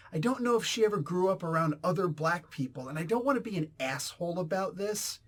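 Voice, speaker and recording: A man's voice: a little high, fairly bright tone. Exasperated New comic reviewer, man. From New Jersey, US. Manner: exasperated, rambling, blunt. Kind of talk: casual ranting review.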